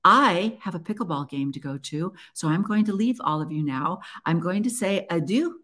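A woman's voice: on the low side, lively intonation, moderate pace, a bit bright. A woman hosting her own podcast, talking to listeners in an earnest, encouraging way and often restarting her sentences. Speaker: podcast host. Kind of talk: casual solo podcast talk.

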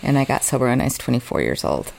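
A woman with an unusually deep, low-pitched voice speaks as a guest in an interview. She tells her own story in an earnest, open and emotional way, now and then making fun of herself. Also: big pitch swings, fast talker, gravelly, darkish tone, a little hiss or hum. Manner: earnest, open and emotional, sometimes self-mocking. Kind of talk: candid personal storytelling in an interview.

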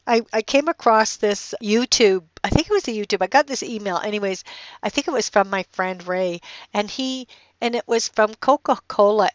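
An older woman giving a chatty motivational talk, halting and restarting often and laughing as she goes. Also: mid-range voice, a bit bright, no echo, muffled recording.

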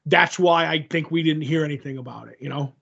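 Higher-voiced man on lo-fi call audio. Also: a little fast, gravelly, fairly bright tone, husky. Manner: rambling, filler-heavy, self-mocking. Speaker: podcast co-host. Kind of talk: casual chat. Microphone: remote call recording.

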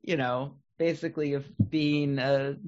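A woman co-hosting a podcast in relaxed casual chat, laughing easily. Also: very deep voice, unhurried, dull audio. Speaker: podcast co-host.

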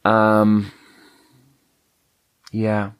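A man's voice: on the low side, completely flat delivery, very slow, smooth, no echo, highs cut off. A man from Sweden, telling a rambling story in a casual solo monologue full of "like". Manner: casual, meandering, lots of "like".

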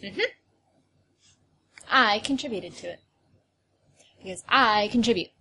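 A woman's voice: medium pitch, a little slow, bright, forceful tone, breathy edge, heavily acted. A woman playing a young female thinker in a tabletop game who dodges fights and talks defensively. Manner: defensive, then eager. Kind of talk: in-character tabletop role-play.

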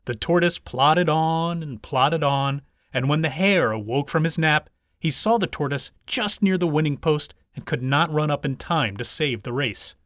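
A man narrating fables aloud in an expressive, animated storybook style. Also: on the high side, normal speed, no room sound, studio quality. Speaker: reader.

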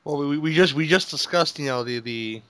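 A man with a somewhat raised, strongly bright voice riffs and teases on a casual film commentary podcast. His sound is close and dry, with almost no room in it. He jokes quickly at the others' expense. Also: a little high, no echo. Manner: joking, teasing, quick comic riffs. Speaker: podcast co-host.

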